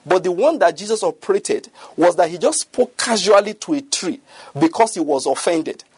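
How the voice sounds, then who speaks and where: A man's voice: high voice, lively intonation, moderate pace, slightly rough, dry recording. A middle-aged man preaching a sermon, earnest and repetitive, often checking that listeners follow him.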